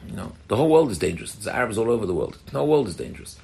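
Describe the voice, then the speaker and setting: A man's voice: on the low side, very animated, racing, creaky, darkish tone, slight background noise. A middle-aged man from England, a rabbi giving an earnest Torah talk to women, answering questions and often restarting his phrases. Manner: earnest, repeats and restarts phrases, explains plainly.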